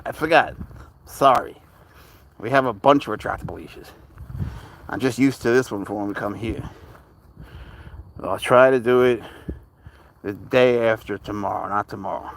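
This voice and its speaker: With a fairly low voice, moderate pace and frequent pauses, a man livestreams for his cat channel while walking his leashed cat outdoors. He rambles in a relaxed manner, talking to his viewers and his cat alike. A slight hiss or hum sits under the recording.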